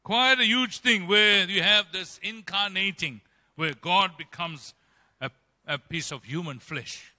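Bright-voiced preaching man in reverberant church. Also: a little slow. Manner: emphatic preaching with dramatic swings in pitch and loudness. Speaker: pastor. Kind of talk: sermon. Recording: long church-hall reverb.

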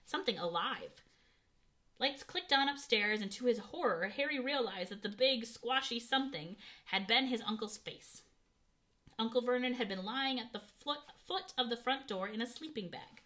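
A woman's voice: medium pitch, a bit bright. A woman reading a children's novel aloud, narrating expressively and giving the characters voices. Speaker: audiobook reader.

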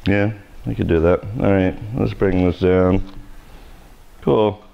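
A man's voice: low-pitched, fairly even intonation, slow, gravelly, muffled recording. A man hosting a live haircut tutorial, cracking self-mocking jokes and blunt asides as he cuts. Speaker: hairstylist host of live haircutting show.

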